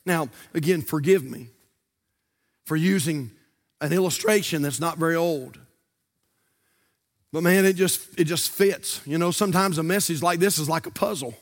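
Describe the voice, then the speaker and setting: An older man, preaching a sermon from a church pulpit in a fervent, sing-song cadence that rises to shouts. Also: on the high side, moderate pace, pauses often. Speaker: pastor.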